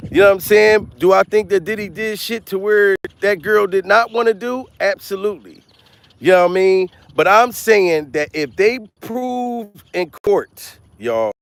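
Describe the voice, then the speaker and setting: High, gravelly man ranting on a vlog. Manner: loud, repetitive, laughing between rants. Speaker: comedian vlogger. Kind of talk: profane comedic commentary vlog. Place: outdoors.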